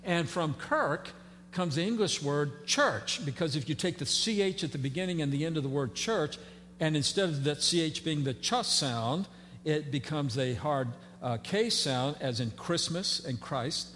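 A man delivers a sermon in a relaxed, folksy way, full of fillers and teasing asides to the congregation. His voice sits fairly high for a man. The sound carries a long church reverb with a faint hum underneath. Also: moderate pace. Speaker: pastor. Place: church sanctuary.

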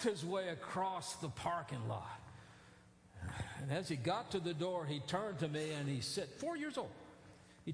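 A man's voice: fairly high pitch, very animated, moderate pace, gravelly, a little hiss or hum. A male pastor giving a sermon in a church, talking in a conversational way with many fillers and self-corrections. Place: church sanctuary. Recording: echoey church hall.

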